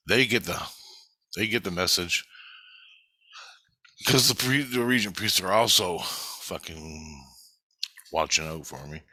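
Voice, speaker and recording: A man's voice: low voice, pushed and bright, breathy edge, no room sound. A man casually telling a long, rambling personal story, swearing often and jumping between thoughts. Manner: profane, restless, digressive. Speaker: vlogger recounting spiritual experiences.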